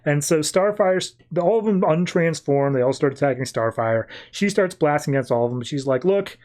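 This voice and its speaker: A man's voice: on the high side, normal speed, a little mellow. A man hosting a podcast, recapping a comic book in casual, chatty storytelling full of fillers. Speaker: podcast host.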